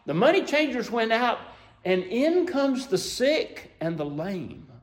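A man preaching a sermon, telling the story emotively and asking listeners to imagine themselves there, climbing to excited peaks and then dropping soft. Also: very high voice, slow. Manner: asks listeners to imagine scenes.

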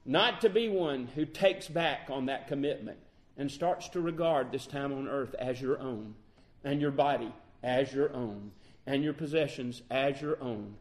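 A man preaching a sermon, swinging between loud, high exclamations and slow, soft passages, stretching out key words.

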